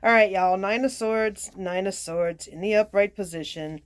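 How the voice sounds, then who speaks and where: A woman's voice: mid-range voice, moderate pace, clear, resonant tone, dry recording. Chatty woman reading tarot. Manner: chatty, self-mocking asides. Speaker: tarot reader. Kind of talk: casual tarot reading, reading card meanings aloud.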